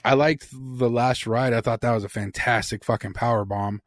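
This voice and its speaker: Male co-host, mid-pitch, dry close sound, blunt and casual with swearing. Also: fairly even intonation, normal speed, no echo. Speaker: podcast co-host. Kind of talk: casual chat.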